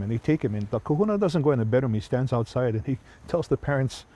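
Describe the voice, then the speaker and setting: A man's voice: mid-range voice, lively intonation, quick pace, hardly any pauses, dark tone. A man telling a ghost story in an easy, conversational way.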